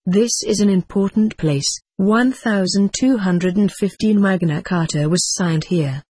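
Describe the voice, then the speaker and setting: Older man doing a solemn tour guide, husky, dry, steady. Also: high-pitched, a little slow, dry recording.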